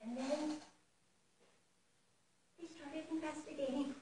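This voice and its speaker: A woman preacher tells a fable with dramatic swings in loudness, in a high voice at a slow pace. She is recorded from afar in a very echoey sanctuary, with a faint hiss behind her. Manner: expressive, dramatic storytelling with big swings in loudness. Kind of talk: storytelling sermon. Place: fellowship sanctuary. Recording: echoey hall from far off, faint noise.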